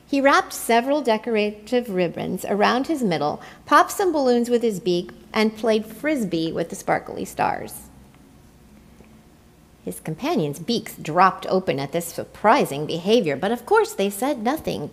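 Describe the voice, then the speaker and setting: A woman reading a children's picture book aloud in an expressive, playful way. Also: mid-range voice, moderate pace. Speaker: storyteller. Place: church.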